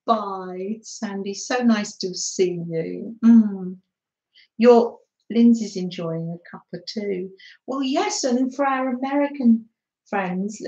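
A woman's voice: medium pitch, a little mellow. An Englishwoman hosting a craft livestream, chatting casually, greeting viewers by name and giggling often. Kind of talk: casual chat reading live comments. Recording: echoey room.

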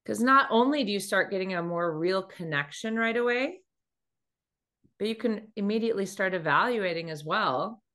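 A woman giving a motivational talk on dating as a coach, telling stories lively and acting out quoted speech in changing voices. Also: mid-range voice, moderate pace. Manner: animated storytelling, acts out quoted speech.

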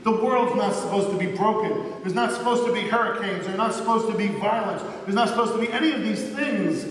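A man preaching a sermon as pastor, earnest, slowing down to stress key points. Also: high voice. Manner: earnest, slows down for emphasis. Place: church sanctuary. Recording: echoey church hall from far off.

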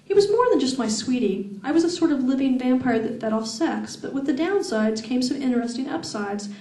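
A woman reads her own first-person novel aloud at a live event, steady and expressive. Her voice sits a little high. She is heard from a distance, with plenty of echo around her. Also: a little fast. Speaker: author reading her novel. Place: event hall. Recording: echoey room, far from mic.

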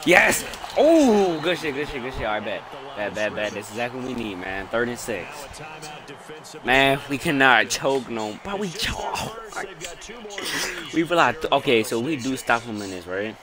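A young man reacts loudly as he plays a football video game. His voice swings wildly up and down and often breaks into shouts. A roaring stadium crowd from the game plays behind him. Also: mid-range voice, animated, moderate pace. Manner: loud, swearing, bursts into shouts. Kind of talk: excited live gameplay commentary.

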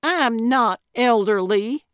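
A woman's voice: mid-range voice, dry recording, clean studio sound. A woman reading as a cheeky elderly lady sleuth. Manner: quick-witted, cheeky, indignant.

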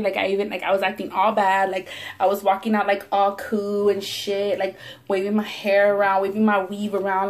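A woman's voice: mid-range voice, completely flat delivery, brisk. Young woman, chicano english accent, profane chatty storyteller, mukbang vlog, table camera. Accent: Los Angeles Chicano English. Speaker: mukbang vlogger. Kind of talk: casual storytelling while eating. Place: home, near a window at sunset.

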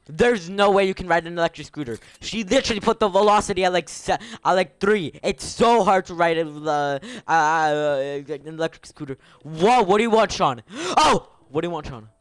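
Teen male streamer, excitable banter, clean and resonant tone. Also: a little high, a little fast, few pauses, smooth, dry recording. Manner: excitable, gasping, bantering with chat. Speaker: game streamer. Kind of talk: live gaming stream chat.

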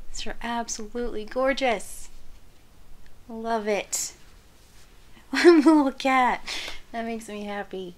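Woman, crochet channel host, casual unboxing chat, soft and gushing, unhurried. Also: on the high side. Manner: gushing, soft-spoken, often drops to a whisper.

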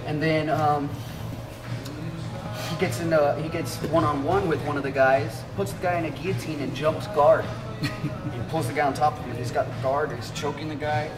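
Man, profane storyteller, fairly high voice, roomy distant sound with music underneath. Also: moderate pace. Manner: profane and animated, acts out voices. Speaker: guest, jiu-jitsu fighter. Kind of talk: casual storytelling.

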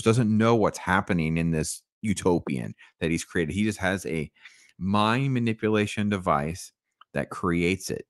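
A man with a deep, low voice hosts a casual, enthusiastic cartoon review. He talks straight to the listener and keeps checking in as he goes. The sound is dry and close, with no room around it. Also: dry recording. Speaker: host.

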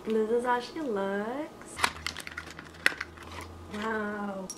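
A woman's voice: on the high side, normal speed. A young woman casually chatting through a product review, filler-heavy and giggly. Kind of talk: casual chat. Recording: echoey room with faint noise.

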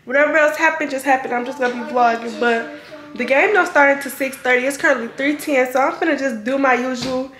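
Chatty teen girl, high voice, echoey room. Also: steady tone, fast talker, fairly bright tone. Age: teens. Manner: chatty, rambling, addresses viewers as y'all. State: out of breath at times. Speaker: vlogger. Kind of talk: casual vlog talk to camera. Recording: roomy, somewhat distant phone audio.

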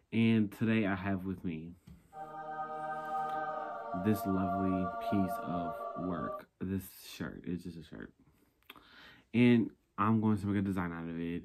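A young man vlogging in a sassy, rambling casual chat, talking himself through a craft project. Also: low-pitched. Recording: noisy background hiss.

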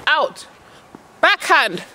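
A woman's voice: high voice, sing-song, extremely slow, sharp tone, slight background noise. A woman coaching her son at tennis on an outdoor court, calling out shots and chatting casually to her vlog viewers. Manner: calls out shots, chatty and coaxing.

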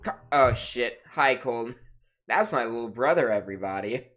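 Woman, streamer, deep voice, playful, teasing, laughs a lot, swoops up and down. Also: lively intonation, moderate pace, soft background music. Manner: playful, laughs often, teases chat. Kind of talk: casual live gameplay commentary.

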